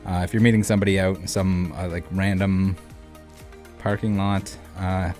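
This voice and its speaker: Brief: male channel host, lowish voice, casual rambling commentary, faint music underneath. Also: little pitch movement, moderate pace, darkish tone. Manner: rambling, filler-heavy, blunt.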